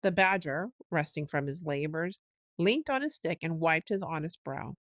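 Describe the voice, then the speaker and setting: A woman giving a slow, unhurried bedtime reading of a storybook, now and then lifting into quick character voices. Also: sits low, animated, dry recording. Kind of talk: slow sleep-story narration.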